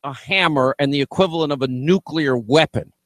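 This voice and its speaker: A man hosting political talk radio, brash and animated, often restarting his sentences as he banters. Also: fairly high pitch, fairly quick, no room sound.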